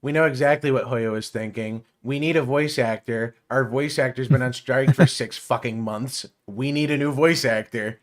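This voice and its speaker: A man's voice: medium pitch, moderate pace, hardly any pauses. A man co-hosting a casual podcast, sarcastic and crude, swearing and laughing often as he reacts to a video. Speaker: podcast co-host.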